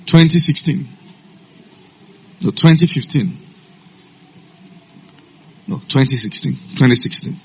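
A man preaching a sermon, telling stories in a low calm voice and breaking into loud shouted commands. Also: slow pace, pauses often, a little hiss or hum.

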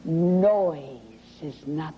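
A woman preacher delivering a sermon in a slow, dramatic way, often dropping into a whisper for effect. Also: sits low. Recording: dull lo-fi recording with faint hiss.

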